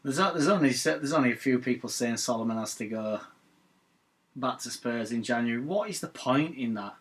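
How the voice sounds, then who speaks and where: A man's voice: mid-range voice, fairly quick, husky. A man hosting a live match watch-along, ranting bluntly about football with swearing and banter. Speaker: fan channel host.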